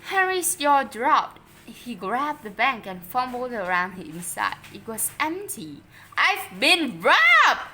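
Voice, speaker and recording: A woman reading a children's story aloud in an expressive, unhurried way. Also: fairly high pitch, a little hiss or hum.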